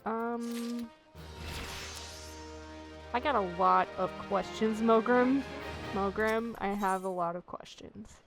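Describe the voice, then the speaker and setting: A woman's voice: a little high, steady tone, slow, long pauses, over music. Giggly woman commenting on a game. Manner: giggly, jokey, reacts to game dialogue. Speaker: gaming channel host. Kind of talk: casual let's play commentary.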